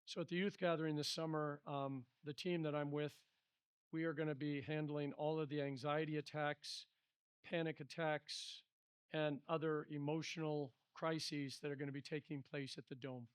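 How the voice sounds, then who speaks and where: A middle-aged pastor leads a Bible study, telling stories in an animated, conversational way. His voice sits fairly high for a man. The sound is dry and close, with little room. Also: moderate pace, clear, resonant tone, dry recording.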